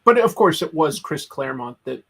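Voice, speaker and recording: A man's voice: a little high, sing-song, fairly quick, vocal fry, fairly bright tone. A middle-aged man from Boston, a guest in a casual chat, talking eagerly with lots of likes and restarts. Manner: chatty and enthusiastic, full of likes and restarts.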